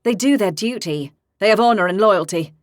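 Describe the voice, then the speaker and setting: A man's voice: high-pitched, lively intonation, normal speed, no echo, clean studio sound. A woman voicing an earnest, cautious, loyal young male ranger in an audiobook, near her own voice.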